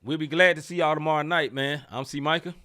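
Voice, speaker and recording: A man's voice: a little high, steady tone, quick pace, bright, forceful tone. A man co-hosting a casual sports talk podcast, speaking emphatically with slang and repeated phrases. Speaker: podcast co-host.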